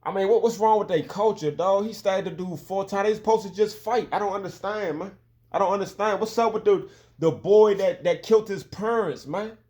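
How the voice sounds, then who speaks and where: A man's voice: high voice, brisk, darkish tone. A man giving a heated, profane opinion rant as a commentary host.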